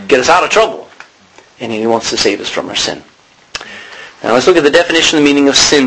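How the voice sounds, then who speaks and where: A man's voice: fairly high pitch, fairly bright tone, a little hiss or hum, rough recording. Man preaching a casual sermon. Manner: conversational, stops to correct himself, clears throat often. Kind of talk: sermon teaching.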